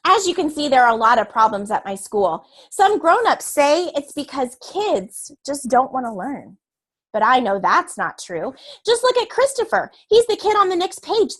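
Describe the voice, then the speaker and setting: A woman's voice: sits high, fairly bright tone. A woman voicing a chatty young schoolgirl who narrates a storybook in an eager, confiding way. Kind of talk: storybook read-aloud.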